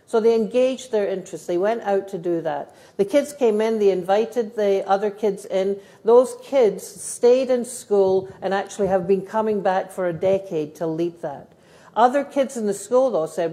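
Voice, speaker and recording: A middle-aged Scottish woman with a mellow, medium-pitched voice speaks at a moderate pace as a guest at a live teachers' event. She tells stories, laughs, and answers questions earnestly during the talk and Q&A.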